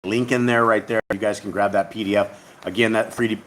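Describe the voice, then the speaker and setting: A man's voice: lowish voice, steady tone, brisk, fairly bright tone. Rambling man leading a Bible study. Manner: rambling, conversational, reads scripture aloud. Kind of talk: casual Bible reading and teaching.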